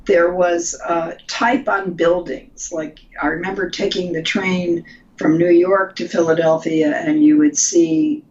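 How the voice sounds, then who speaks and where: A woman's voice: lowish voice, lively intonation, unhurried, a little mellow, lo-fi sound. An older woman, a designer from the United States, telling stories casually in an interview, with many restarts. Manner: chatty, anecdotal, frequent restarts. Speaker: guest designer.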